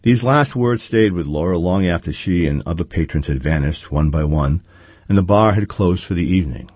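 A man reading a story aloud at a measured, steady pace, saying "quote" and "end quote" around each line of dialogue. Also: low voice, slightly rough, dry recording. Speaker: narrator. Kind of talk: audiobook reading.

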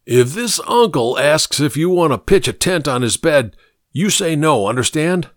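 A man's voice: fairly high pitch, lively intonation, moderate pace, no echo, studio quality, voice pushed up, close to an everyday voice. A man voicing a crude, mocking grown man in an audiobook, brash and dismissive. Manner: sneering, blustery, crude.

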